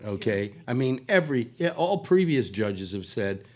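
Older guy with a cold, hoarse, rambles on, voice goes up and down a lot. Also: mid-range voice, big pitch swings, moderate pace. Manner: rambling, full of restarts and "you know". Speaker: radio talk host. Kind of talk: rambling casual talk.

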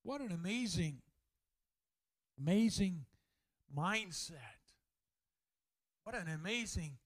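A man preaches to his church in a folksy, animated way, breaking into stories and asides. His voice sits high for a man. The sound is dry and close, with little room echo. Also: takes it slowly. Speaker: pastor. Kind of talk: sermon.

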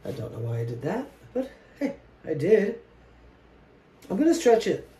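A woman vlogger chatting casually while she paints, soft-spoken and reflective, often trailing off mid-sentence. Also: mid-range voice, sing-song, moderate pace. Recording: roomy echo with faint noise.

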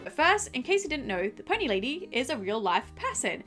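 Australian woman vlogger, upbeat and chatty, a touch high-pitched, lots of "like"s. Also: big pitch swings, a little fast, over loud music. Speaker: host. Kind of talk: casual chat, episode breakdown.

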